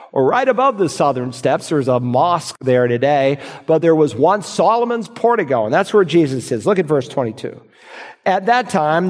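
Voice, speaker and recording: A man preaching from the pulpit, his voice a bit higher than most men's. He moves from scripture readings to answering the objections he imagines from his listeners. The sound carries a long reverb from a large church hall. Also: darkish tone. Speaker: pastor. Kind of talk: sermon.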